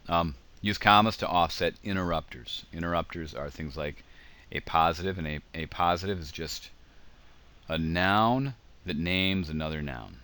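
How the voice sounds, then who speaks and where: A man's voice: deep voice, moderate pace, pushed and bright. A man giving a casual grammar lecture over slides, explaining with examples and frequent ums. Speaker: teacher.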